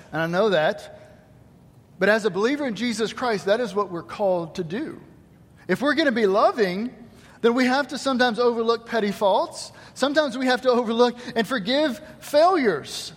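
A middle-aged preacher with a high, light voice delivers a folksy sermon full of jokes and asides to the congregation. His words ring out with a long reverb from a large church hall. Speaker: pastor.

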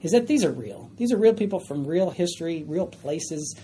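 A woman's voice: on the low side, lively intonation, moderate pace, dark tone, a little hiss or hum. A woman teaching a Bible study class, emphatic and often questioning her group.

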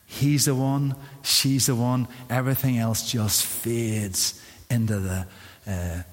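A man with a Northern Irish accent preaching a sermon as pastor, in an animated, theatrical way. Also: medium pitch, slow. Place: church sanctuary. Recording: long church hall reverb.

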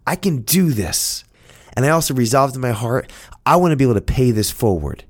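Guy telling a heartfelt story from his own life, earnest, chatty, mid-pitched voice. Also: expressive, a little fast. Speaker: storyteller sharing a personal story. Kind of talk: personal storytelling monologue.

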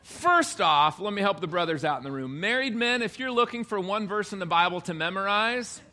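A man's voice: high-pitched, expressive, brisk, bright, forceful tone. A male pastor preaching a conversational sermon to his congregation, joking and acting out the quotes he reads.

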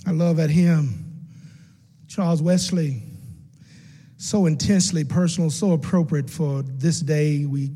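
A man preaching a sermon as pastor, dropping to low murmurs and rising to shouted, half-sung peaks. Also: steady tone, a little slow, pauses often, slightly rough, long reverb tail.

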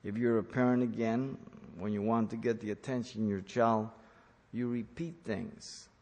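A man's voice: fairly low pitch, fairly even intonation, moderate pace, a little mellow, big-room sound. A man preaching an earnest sermon, speaking as a pastor who repeats key points for emphasis.

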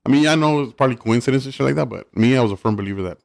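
A man hosting a podcast, talking in a relaxed, casual way and agreeing often with his guest. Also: mid-range voice, rapid-fire, gravelly, no echo, clean studio sound. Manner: relaxed, agreeable, lots of short backchannels.

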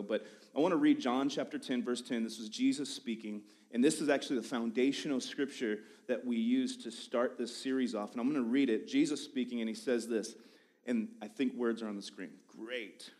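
A man's voice: medium pitch, a little fast, a little mellow. A man in his thirties who is lead pastor, preaching in a church with casual, self-deprecating jokes and tangents. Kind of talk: sermon with casual storytelling. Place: church sanctuary.

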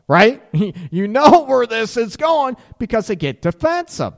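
A man hosting a relationship advice radio show, talking in an animated, sarcastic way and acting out quoted partners. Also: fairly high pitch, moderate pace, hardly any pauses, big-room sound. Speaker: radio show host and counselor.

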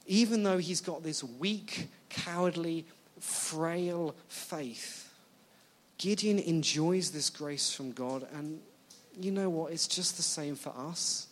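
An animated male preacher talks through a sermon and mixes earnest points with jokes. He turns to the audience often with questions. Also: on the high side, husky.

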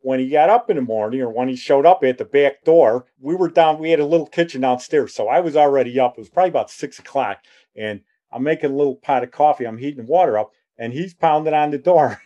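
A man's voice: mid-range voice, fast talker, mellow, lo-fi sound. A man in his sixties telling a rambling personal story, acting out the dialogue as he goes.

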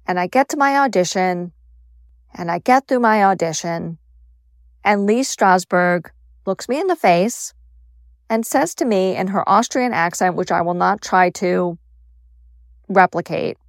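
A woman's voice: medium pitch, a little slow, long pauses, no echo, clean studio sound. A woman in her fifties from Staten Island, hosting a podcast and telling a personal story in a candid, conversational way with wry asides. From Staten Island, New York. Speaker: podcast host.

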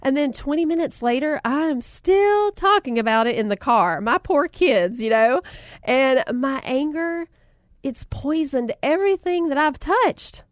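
A woman with a Southern US accent talks in a casual, motivational way, spinning lively personal stories and laughing between lines. Her voice sits a bit high for a woman, and she talks often to her listeners as y'all. The sound is dry and close, with almost no room echo. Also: unhurried. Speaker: speaker sharing life lessons.

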